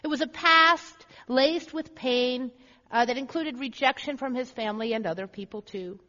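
A woman's voice: high voice, moderate pace, sharp tone. A woman pastor preaching a sermon in a church, earnest and repeating phrases for emphasis. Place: church sanctuary. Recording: echoey hall, dull lo-fi sound.

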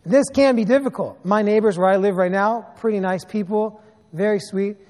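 A fairly high-pitched man in his thirties, preaching as a pastor. He tells his stories in an animated way and slips in sarcastic asides. His voice rings out with a long reverb, as in a church hall. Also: normal speed. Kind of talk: sermon.

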